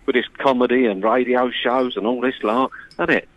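A man's voice: mid-range voice, steady tone, moderate pace. A middle-aged man talking by phone, rambling and joking in casual banter. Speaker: caller, host's father. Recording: dull dry phone-line sound.

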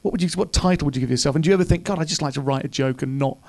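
A man's voice: fairly high pitch, racing, a little mellow. A man interviewing a guest, asking playful, chatty questions.

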